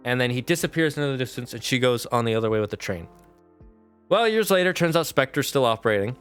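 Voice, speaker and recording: Casual male streamer, animated and chatty, smooth voice over faint music. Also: medium pitch, quick pace. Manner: animated, chatty, talks to chat mods. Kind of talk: casual livestream chat.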